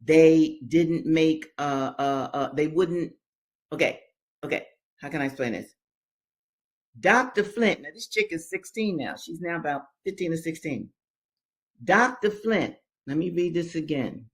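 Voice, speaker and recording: Slow, emphatic woman reader. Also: sits low, animated. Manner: emphatic, talks directly to listeners. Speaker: reader and commentator. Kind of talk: reading a slave narrative aloud with commentary.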